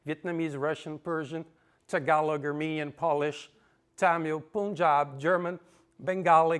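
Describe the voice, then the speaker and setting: A man giving a conference talk, reading figures off slides with frequent fillers and pauses. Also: a little high. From Brazil. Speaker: conference presenter. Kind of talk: lecture with slides. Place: conference room.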